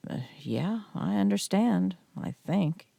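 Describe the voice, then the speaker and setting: A woman's voice: mid-range voice, animated, gravelly, dark tone, dry recording, exaggerated voice. A woman voicing a nervous, hesitant young ex-husband who stumbles over his words, in a storybook reading. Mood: awkward. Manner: hesitant, halting.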